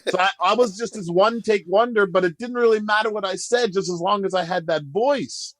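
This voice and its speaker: A man guest on a podcast, telling a story in a casual, animated way, acting out quotes and laughing as he goes. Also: high voice, fairly quick, no room sound.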